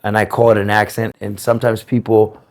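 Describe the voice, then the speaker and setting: An American man telling his personal story in an interview, speaking in a reflective, earnest way with careful, clear enunciation. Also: fairly low pitch, level tone, brisk. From United States.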